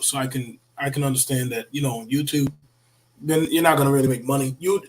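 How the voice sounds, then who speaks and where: A man chatting casually to his viewers as a reaction video host, rambling and repeating words, his voice worn from yelling. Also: medium pitch, a little hiss or hum, rough recording. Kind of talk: casual morning livestream chat.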